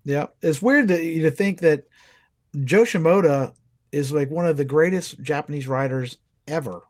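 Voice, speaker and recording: A man's voice: on the high side, normal speed, darkish tone. A middle-aged American man who is a guest on a casual podcast, chatty and enthusiastic. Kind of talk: casual chat.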